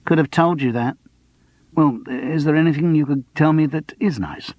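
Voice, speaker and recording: A spotty young barman gives flat, blunt replies without interest, as a male narrator voices him. His tone is husky, sitting dry and close on the mic. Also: fairly high pitch, moderate pace, dry recording, lo-fi sound, voice pushed up, natural voice. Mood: deadpan. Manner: blunt, deadpan.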